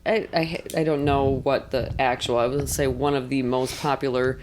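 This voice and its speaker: Deep-voiced deadpan woman in her forties. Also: normal speed. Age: 40s. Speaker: library podcast co-host. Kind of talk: casual chat. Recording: audible background noise.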